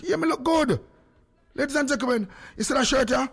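A Jamaican man hosts a livestream from his home studio in a high, bright voice with a breathy edge, talking a little fast. Animated and playful, he jokes with his audience and calls out viewers by name. His speech rolls along in casual, teasing banter.

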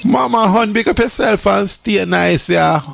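Jamaican male DJ, high and gravelly, sing-song patter, light music bed. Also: measured pace, a bit bright. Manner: sing-song, breaks into singing and laughter. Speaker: radio DJ. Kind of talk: casual on-air chat.

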